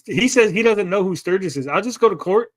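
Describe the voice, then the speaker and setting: A man's voice: high voice, expressive, fairly quick. A male podcast host in casual livestream chat, profane and mocking as he rants.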